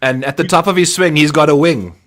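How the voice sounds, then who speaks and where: A man's voice: a little high, brisk, a bit bright. A man from Africa, co-hosting a podcast in casual, teasing banter. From South Africa. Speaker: podcast co-host. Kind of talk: casual chat.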